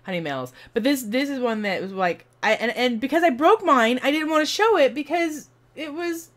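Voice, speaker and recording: A woman streamer telling a rambling, animated story to her viewers, acting out the voices as she goes. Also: high voice, moderate pace. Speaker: streamer and video host.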